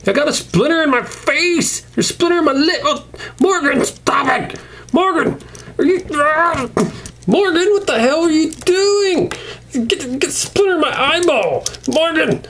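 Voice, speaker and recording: A man voicing a hysterical male action-figure survivor in a comedic toy skit, yelling in frantic outrage. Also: very high-pitched, expressive, a little slow, slight background noise, pitched above the performer's own voice, exaggerated voice. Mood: shrieking panic.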